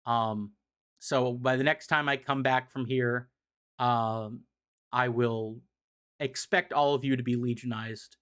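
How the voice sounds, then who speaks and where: A man gives voice to a scheming, dismissive villain doctor from a comic retelling. The delivery stays mid-pitched and close to everyday speech, like a fan summarizing scenes for a stream audience. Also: fairly even intonation, slow pace, a bit bright, clean tone. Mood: threatening. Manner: paraphrased dialogue in a casual retelling.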